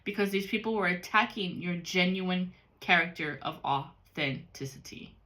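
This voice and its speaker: Brief: woman, tarot reader, crisp and forceful tone, cusses freely, talks right at the viewer. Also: lowish voice, moderate pace. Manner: blunt and profane. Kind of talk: casual spiritual card reading.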